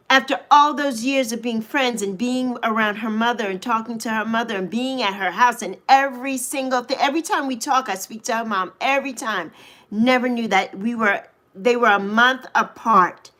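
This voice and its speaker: A woman's voice: a little high, a bit bright. A middle-aged woman hosting a live chat with viewers, emotional and affirming as she talks about spiritual connection. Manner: emotional, slow and heartfelt, reads viewers' names. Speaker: livestream host.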